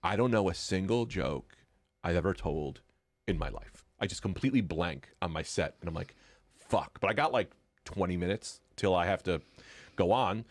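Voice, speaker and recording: A man, a comedian guest on a podcast, telling a long story in an animated, profane way. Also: low-pitched, moderate pace, no room sound.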